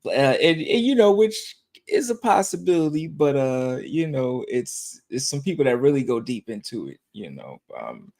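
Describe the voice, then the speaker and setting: A man's voice: medium pitch, big pitch swings, normal speed, vocal fry, a little mellow. A man co-hosting a casual podcast chat, musing in a rambling way with many restarts. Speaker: podcast co-host.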